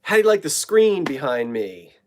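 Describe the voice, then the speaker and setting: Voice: mid-range voice, big pitch swings, normal speed, darkish tone. A middle-aged host from New Jersey, chatting casually on a live stream from a home basement and greeting viewers by name.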